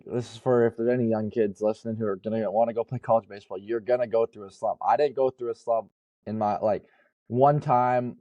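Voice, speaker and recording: A man's voice: on the low side, mellow, no room sound, muffled recording. A young man, a college baseball player, talking casually and earnestly as a podcast guest, rambling and correcting himself. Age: young adult. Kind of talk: casual interview talk.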